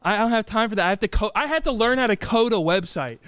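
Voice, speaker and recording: A man's voice: high voice, lively intonation, quick pace, fairly bright tone, clear, resonant tone, no echo. A young American man co-hosting a podcast in casual chat, playful and laughing through a mock confession. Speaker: podcast co-host.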